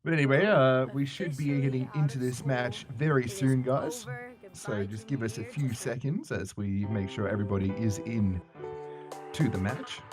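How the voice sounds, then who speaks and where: A man casting a video game match as play-by-play commentator, jokey and excitable. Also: mid-range voice, moderate pace. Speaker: esports caster. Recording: music playing behind.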